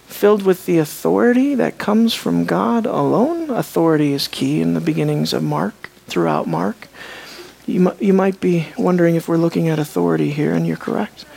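Preacher swinging from hushed to emphatic. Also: mid-range voice, vocal fry. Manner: swings between hushed, slow asides and loud, emphatic declarations; asks the listeners rhetorical questions. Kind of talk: sermon.

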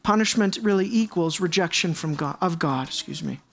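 A man delivers a sermon in an earnest preaching manner. He repeats key phrases for emphasis and moves between soft, low asides and raised, pressing lines. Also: moderate pace, creaky, a little hiss or hum. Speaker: pastor.

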